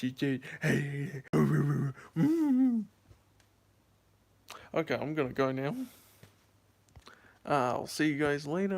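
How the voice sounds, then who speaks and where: A man's voice: mid-range voice, gravelly. A sleepy young man vlogging, telling a rambling story to his viewers with lots of fillers and restarts. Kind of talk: casual storytelling to camera.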